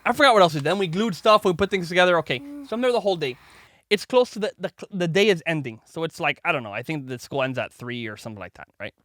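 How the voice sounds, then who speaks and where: A man hosting a podcast, telling a story to his daughter in a chatty, animated way, full of "like" and "right?", and acting out the voices of the people in it. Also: on the high side, quick pace, no room sound, studio quality. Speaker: podcast host.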